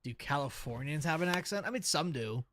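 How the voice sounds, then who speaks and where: A man chatting casually while streaming a baseball video game, with a New York accent and a habit of swearing and reacting loudly to plays. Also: a little high, expressive, brisk, a little hiss or hum. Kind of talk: casual gaming stream chat.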